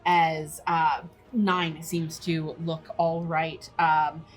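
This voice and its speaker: A woman's voice: deep voice, little pitch movement. A woman acting as game master, calling dice results and damage with frequent ums and uhs. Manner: brisk rules calls with filler um and uh. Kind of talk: running a tabletop game live.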